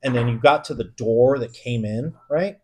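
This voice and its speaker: A young man tells a spooky story on a casual podcast. He curses freely, and his voice gets louder and more animated when he relives the scary parts. His voice sits at an ordinary pitch for a man. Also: moderate pace, slight background noise. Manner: swears a lot, animated when retelling fright. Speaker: podcast co-host.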